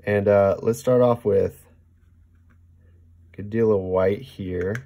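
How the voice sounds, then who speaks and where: Low gravelly guy doing a chill painting lesson, keeps saying okay?, kinda mumbly while he mixes. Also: takes it slowly, lo-fi sound. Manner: relaxed, chatty, often checks in with "okay?"; talks while mixing paint, trailing off softly. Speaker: painting instructor. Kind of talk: casual painting demonstration.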